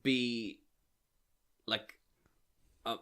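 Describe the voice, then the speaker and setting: A man co-hosting a comedy review podcast, talking hesitantly and deadpan in casual chat. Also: medium pitch, drawn-out words, clean tone. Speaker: podcast co-host.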